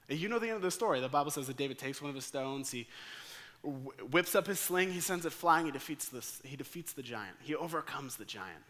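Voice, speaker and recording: A young man preaching a sermon as staff pastor, telling the story in an animated way and acting out the characters' thoughts and lines. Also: fairly high pitch.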